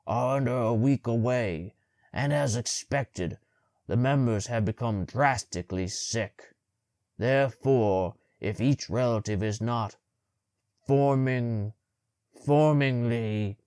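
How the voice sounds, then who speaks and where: A man voicing a short-tempered male ruler with a deep, gravelly, hoarse voice, booming and stumbling over words as he reads aloud. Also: animated, moderate pace, hardly any pauses, no echo, clean studio sound. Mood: booming, halting.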